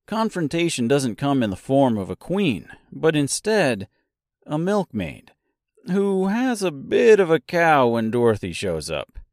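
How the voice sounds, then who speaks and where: A man's voice: on the high side, huge pitch swings, unhurried, a little mellow, dry recording, studio quality. A man hosting a solo book discussion podcast, chatty and playful, fond of puns and dad jokes, talking straight to his listeners. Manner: chatty, addresses listeners directly. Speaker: podcast host and author.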